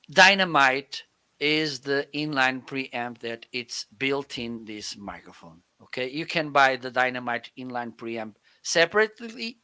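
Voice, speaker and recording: Male co-host from Portugal, unhurried and crisp, chatty explainer who laughs often, home studio mic. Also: mid-range voice, bright, forceful tone. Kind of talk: live shopping stream chat. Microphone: studio microphone.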